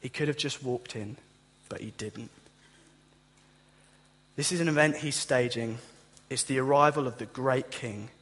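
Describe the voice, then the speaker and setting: A man's voice: mid-range voice, measured pace, long pauses, long reverb tail. A man preaching a sermon, telling stories with humour and acting out the voices of the people in them. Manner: animated storytelling, acts out voices with humour.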